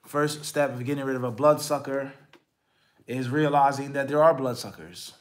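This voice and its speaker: A man's voice: mid-range voice, moderate pace. A man, an Islamic scholar giving a live question-and-answer lecture, who talks emphatically, sprinkles in Arabic terms and keeps asking rhetorical questions of his listeners. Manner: emphatic, rises and drops in loudness.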